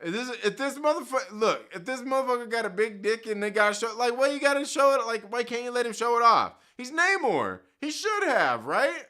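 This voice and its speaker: A man's voice: very high voice, sing-song, a little fast, hardly any pauses, bright, forceful tone. A man hosting a live stream, chatting casually with his viewers and reading their comments aloud, with slangy, profane jokes. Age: adult with children. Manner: slangy, profane and joking, laughs often.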